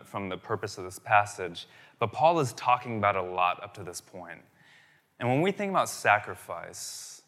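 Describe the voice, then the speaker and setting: Bright-voiced preacher man in a reverberant hall. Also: mid-range voice. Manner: explains scripture with frequent restarts and "right?" asides. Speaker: pastor. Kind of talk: sermon.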